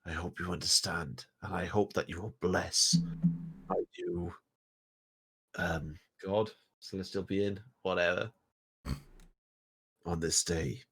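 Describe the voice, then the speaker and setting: A British man voicing a solemn male warrior who slowly swears an oath to his fallen god. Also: low voice, fairly even intonation, fairly bright tone, breathy edge, soft background music, pitched below the performer's own voice, full character voice. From Britain. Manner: slow, grave oath-taking.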